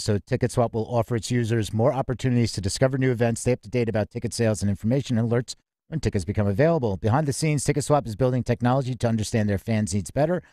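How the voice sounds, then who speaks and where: A man's voice: mid-range voice, a little mellow, no room sound, studio quality. A man hosting a casual music industry news chat, reading headlines and then riffing loosely with plenty of fillers. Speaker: podcast host.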